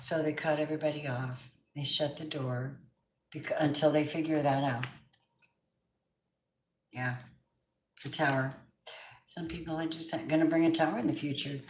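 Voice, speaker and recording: A woman's voice: low voice, fairly even intonation, moderate pace, long pauses, reverberant, a little hiss or hum, rough recording. A middle-aged woman giving an emphatic live tarot reading, chatting with her viewers by name. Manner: emphatic, repeats affirmations. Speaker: tarot reader. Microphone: camera mic on a live stream.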